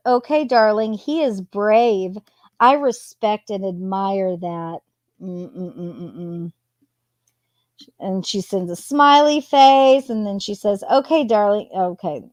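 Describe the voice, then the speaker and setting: A woman's voice: medium pitch, dry recording. A woman casually reading out text messages at home, adding sarcastic asides between them. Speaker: true crime commentator reading text messages. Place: home with a cat nearby.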